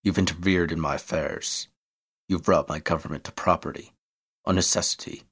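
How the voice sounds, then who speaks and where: A man doing a rough Irish-accented pirate boss, low and boastful. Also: steady tone, moderate pace, fairly bright tone, heavily acted.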